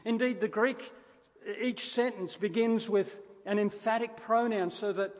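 High-voiced preacher in an echoing hall. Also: male voice, steady tone, unhurried. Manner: emphatic, building points through repetition with frequent restarts. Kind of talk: sermon.

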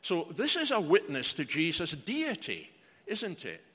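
A man's voice: on the high side, huge pitch swings, measured pace, bright, forceful tone, husky. An older man preaching a sermon, earnest, with rhetorical questions and frequent hesitant fillers. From outside Australia. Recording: reverberant hall.

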